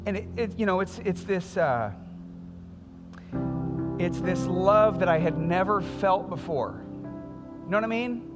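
A man in his thirties, a pastor preaching a sermon in a conversational, storytelling way with animated quoted voices. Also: high-pitched, a little slow, long pauses. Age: 30s. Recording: music underneath, long hall reverb.

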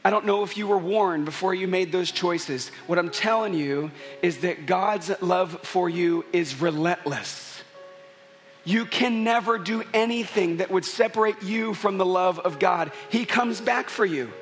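A man's voice: sits high, measured pace, faint music behind. A man preaching a sermon at a church service, earnest and building to emphatic peaks. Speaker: pastor.

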